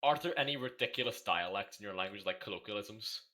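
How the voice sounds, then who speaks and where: Podcast co-host from Northern Ireland, animated pitch, incredulous and quick to react. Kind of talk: casual podcast chat.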